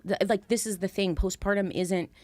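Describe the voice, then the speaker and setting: A woman's voice: mid-range voice, moderate pace, no echo. A woman in her thirties, a guest talking candidly and earnestly in casual conversation. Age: 30s. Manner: earnest, animated when recounting, lively laughter.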